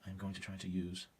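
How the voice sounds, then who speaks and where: A man's voice: low voice, a little mellow, far from the mic, a little hiss or hum. A man teaching a painting demonstration, thinking aloud as he works, casual and self-critical with hesitant fillers. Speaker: art teacher.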